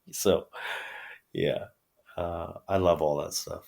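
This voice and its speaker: A man from upstate New York with a New York accent, chatting casually as an interview guest, laughing often and filling pauses with ums. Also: deep voice, creaky. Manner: relaxed, laughs often, many fillers. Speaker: guest, pro wrestler.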